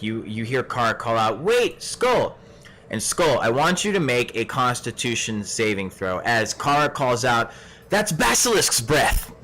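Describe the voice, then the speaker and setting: A man with a fairly low voice runs a tabletop game, talking in a relaxed, rambling way. He scatters fillers through his narration and drifts easily between the scene and asides to the players. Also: slight background noise. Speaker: game master.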